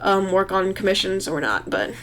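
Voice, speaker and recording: A young woman streams herself drawing, chatting at her computer in a loose, rambling, self-deprecating way. Her voice is medium-pitched and fairly bright, with big swings in pitch and a normal speaking speed.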